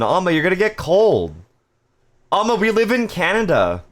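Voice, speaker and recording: A man's voice: high voice, huge pitch swings, moderate pace. A man casually chatting on a live stream, reading viewer messages aloud with playful jokes and frequent laughter. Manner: laughs often.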